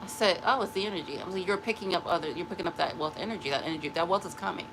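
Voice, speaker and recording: A woman's voice: fairly low pitch, very fast, noisy background. A middle-aged woman hosting a spiritual live stream, giving a blunt, emphatic motivational talk that repeats phrases for stress. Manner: blunt and dismissive.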